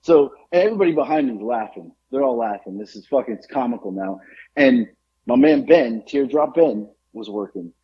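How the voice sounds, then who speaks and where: Brisk and medium-pitched with a slight roughness, a man co-hosts a podcast in a recording missing its highs. He narrates a story casually and with energy, acting out its characters.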